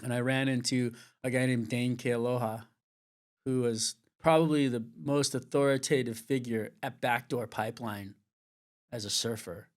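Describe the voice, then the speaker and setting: A man's voice: medium pitch, moderate pace. Middle-aged man from California, candid storyteller, curses casually, voices the other people in his story as he goes. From Venice, California. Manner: swears freely, acts out quoted dialogue with lively shifts. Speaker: surf commentator, interview guest.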